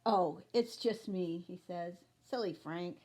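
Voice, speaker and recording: A woman's voice: on the low side, slow, mellow, voice pushed down. A woman reading aloud voices a grumpy, secretive loner man who wants to be left in peace, with fussy exclamations in a storybook style. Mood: lonely.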